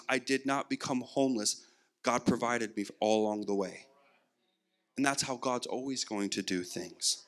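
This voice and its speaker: A man's voice: mid-range voice, a bit bright. A young man preaching a sermon, telling a personal story and acting out the dialogue himself. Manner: storytelling, acts out quoted dialogue. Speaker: guest preacher.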